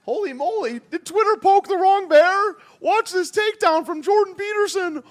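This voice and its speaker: A man putting on a shrill Scottish hype narrator. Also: normal speed, faint music behind. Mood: hyped. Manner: breathless hyped exclamations.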